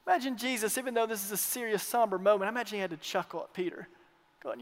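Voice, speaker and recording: A man preaching a sermon as pastor, emphatic, swinging between loud declarations and hushed asides, repeating his phrases. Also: sits high, racing. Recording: long reverb of a large hall.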